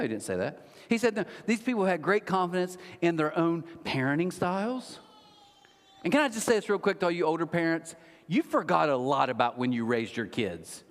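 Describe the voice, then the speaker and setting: A middle-aged man preaching a sermon as a pastor, humorous and animated with mocking asides. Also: on the high side. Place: large church auditorium. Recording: long hall reverb.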